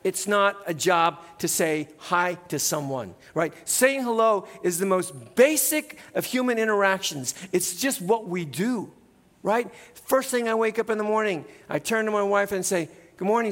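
A middle-aged male pastor preaching in a church, in a relaxed conversational way, often tagging "right?" onto his points. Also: sits high, measured pace, big-room sound. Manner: conversational, keeps adding "right?". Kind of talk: sermon. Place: church sanctuary.

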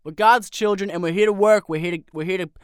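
A man's voice: high-pitched, fast, clear, resonant tone, no room sound, studio quality, close to an everyday voice. A man playing a blustery, easily worked-up political pundit who rants as co-host of a parody podcast. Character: blustery hot-headed male political pundit.

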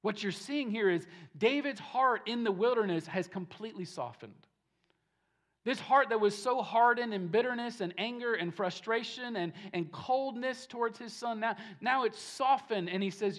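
A man's voice: high-pitched, normal speed. Emphatic man preaching a sermon. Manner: emphatic, repeats phrases, swings from soft to loud. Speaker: pastor. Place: church service.

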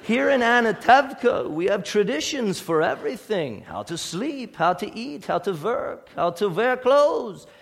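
A man's voice: extremely high pitch, big pitch swings, normal speed, creaky, hardly any pauses, sharp tone, breathy edge, pitched above the performer's own voice, exaggerated voice. A man voicing a folksy older village father proud of tradition, with a put-on accent. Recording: long hall reverb.

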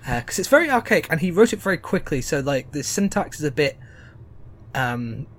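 Lively, rambling male game master. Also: on the high side, fairly quick. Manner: relaxed, filler-heavy narration. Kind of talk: narrating a tabletop game.

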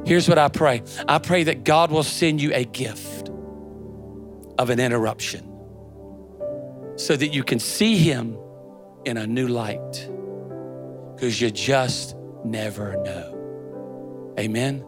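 A man's voice: mid-range voice, unhurried, pauses often, music in the background. A middle-aged man preaching a sermon as a pastor, telling stories in a folksy, emphatic way.

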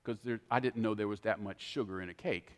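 An older man preaching a sermon, telling folksy stories in an animated, heartfelt way. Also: on the low side, fast, in a large hall. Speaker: pastor.

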